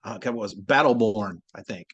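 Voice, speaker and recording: A man's voice: on the low side, fairly quick, husky, dry recording, dull audio. A man from Texas, a voice actor, telling anecdotes in a casual interview. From Texas, USA. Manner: animated anecdotal storytelling. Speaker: voice actor guest.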